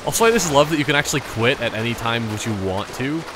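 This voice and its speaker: A man's voice: medium pitch, animated, fast, noisy background. A young man giving casual gameplay commentary, rambling through jokey asides.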